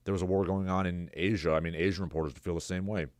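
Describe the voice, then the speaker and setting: Man, fairly low voice, dark and mellow tone, dry close sound, sarcastic rambling livestream host. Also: steady tone, fast, no room sound. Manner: sarcastic, rambling, reads chat aloud. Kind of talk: casual solo commentary.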